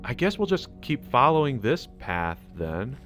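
A man's voice: mid-range voice, measured pace, soft background music. An American man hosting a gaming channel, chatting and laughing through casual gameplay commentary. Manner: excitable, chatty, laughs a lot.

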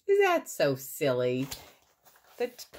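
A woman reads a picture book aloud, slow and unhurried. Her voice rises and falls in a lively way as she points out the pictures. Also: fairly low pitch. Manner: warm, explaining the pictures. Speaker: parent reading to her boy. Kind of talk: storybook read-aloud.

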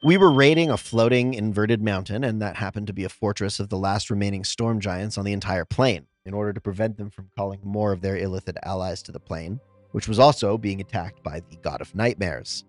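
Guy narrating dnd stories from a script, kinda deep voice, leans into the punchlines, soft music underneath. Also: fairly quick. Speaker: story narrator.

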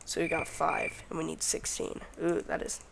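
A man's voice: fairly high pitch, monotone, normal speed, gravelly, noisy background. A young man hosting a casual game let's play, talking to himself as he crafts and counting under his breath. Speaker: gaming channel host.

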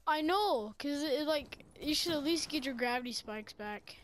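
A young woman with a high voice talks over her own match as she plays. She speaks into a gaming headset in a casual, excitable way, reacting fast and poking fun at her own mistakes. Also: a little hiss or hum. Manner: excitable, self-mocking, quick reactions. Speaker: gaming video creator. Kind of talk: casual gameplay commentary.

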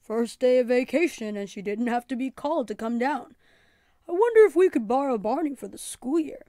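A woman reading aloud and voicing a calm, gently teasing father in a storybook. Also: sits high, fairly quick, dry recording, studio quality.

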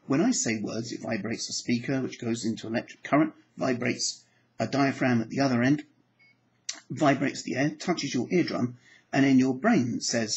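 A man explains psychology straight to camera in a mid-range voice. He is animated and keeps acting out his examples with sudden leaps in pitch. The recording sounds a little dull and lo-fi. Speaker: applied psychology teacher. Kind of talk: lecture to camera.

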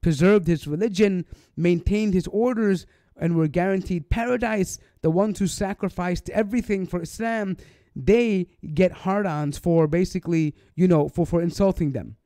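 A man's voice: high-pitched, moderate pace, mellow, dry recording, studio quality. A man giving sarcastic, indignant commentary on a clip for an online video.

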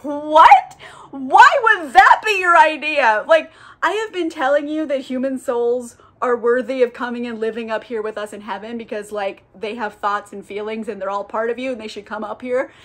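Indignant, incredulous male fallen angel voiced by a woman, high and casual, full of exasperated questions. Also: fairly even intonation, brisk, hardly any pauses, close to an everyday voice.

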